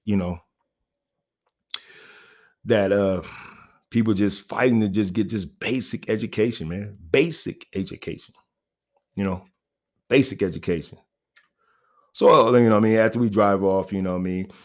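A man's voice: on the low side, a little mellow. A man telling a personal story in a casual, rambling way, full of fillers. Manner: rambling, laid-back, many fillers and "you know what I mean".

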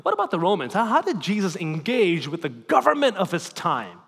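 High-voiced man preaching in a reverberant hall. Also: brisk, vocal fry, slightly rough. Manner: animated, swings between emphatic and hushed. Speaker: pastor. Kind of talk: sermon. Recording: long reverb in a large hall.

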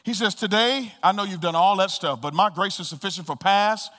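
Man, pastor preaching, bright high voice, repeats phrases, soft-to-loud swings, long hall reverb. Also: brisk. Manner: repeats key phrases for emphasis. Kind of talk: sermon. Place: church sanctuary.

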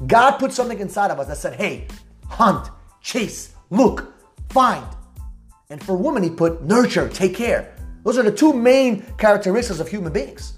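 A man hosting a motivational podcast, talking loudly and emphatically with high energy and casual slang. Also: lively intonation, a little fast, soft background music. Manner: repetitive, hype-driven street slang. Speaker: podcast host.

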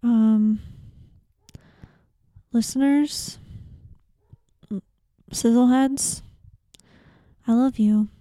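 A woman's voice: on the high side, steady tone, very slow, pauses often, mellow, dry recording, clean studio sound. A woman co-hosting a podcast in casual chat, laid-back and wry, with many short agreeing replies. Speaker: podcast co-host.

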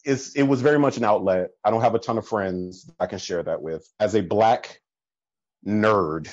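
A man chatting casually as a podcast guest, telling stories full of fillers, laughing often and jumping higher in pitch when he quotes people. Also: normal speed, no room sound, lo-fi sound. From American Midwest. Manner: animated storyteller, swings up in pitch when quoting people. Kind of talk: casual chat.

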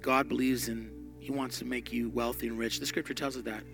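A man preaching a sermon with emphatic delivery, swinging between loud and hushed. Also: mid-range voice, little pitch movement, fairly quick, gravelly, over music. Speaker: pastor.

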